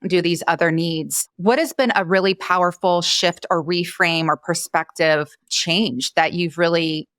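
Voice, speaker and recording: Woman podcast host, smooth clear voice on the lower side, gentle and encouraging. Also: fairly even intonation, unhurried, few pauses, no room sound, studio quality. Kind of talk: conversational interview.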